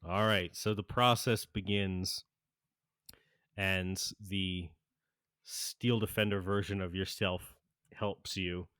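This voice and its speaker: A man narrating as game master of a tabletop game, halting and full of fillers and laughs. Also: deep voice, steady tone, a bit bright, smooth, dry recording, clean studio sound.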